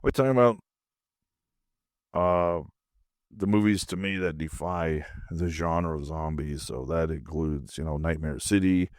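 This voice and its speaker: Speaking a little slowly in a low-pitched voice, a man rambles through a casual, meandering monologue for his own podcast. He sounds drowsy and half asleep, broadcasting from his home movie room in studio quality with no echo.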